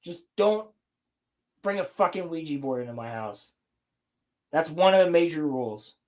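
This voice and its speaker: Young man, podcast host, casual chat, animated storyteller, swears a lot. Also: on the high side, moderate pace.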